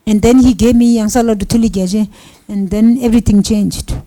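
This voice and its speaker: A woman's voice: mid-range voice, steady tone, brisk, warm tone, low-quality recording. A woman giving a Buddhist teaching talk, telling personal stories in simple non-native English and acting out the quoted dialogue. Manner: storytelling with acted-out quoted dialogue.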